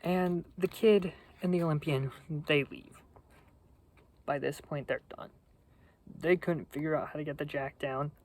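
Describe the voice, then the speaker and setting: A young man telling a rambling, funny story in a casual, deadpan, profane way. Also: on the high side, measured pace, low-quality recording. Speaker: vlogger.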